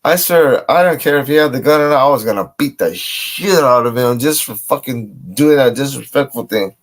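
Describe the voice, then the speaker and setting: A man's voice: mid-range voice, normal speed. A man casually telling a boastful street story, swearing often. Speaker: guest.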